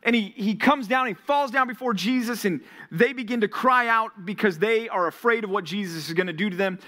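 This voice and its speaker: A male pastor preaching a sermon to a college ministry, retelling Bible scenes with animated storytelling. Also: high-pitched, brisk.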